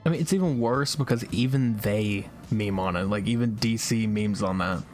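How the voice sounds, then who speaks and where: Male podcast co-host, casual, rambling, quick laughs, faint music underneath. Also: lowish voice. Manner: animated, rambling, laughs often. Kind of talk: casual chat.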